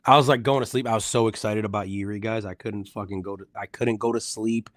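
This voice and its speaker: Excitable, foul-mouthed male stream co-host. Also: on the low side, fast talker, dry recording, clean studio sound. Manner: loose, profane, excitable banter. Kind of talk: casual live-stream chat.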